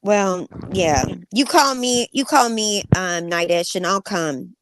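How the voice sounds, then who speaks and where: A woman's voice: medium pitch, takes it slowly. A woman co-hosting a casual live-stream panel, playful and teasing, often laughing.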